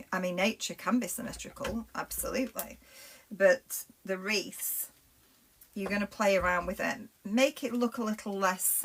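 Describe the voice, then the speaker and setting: A middle-aged woman with a Lancashire accent presents a live craft demonstration, chatting to viewers as she works with her hands. She's talkative and rambles, and her voice is medium-pitched and a bit bright.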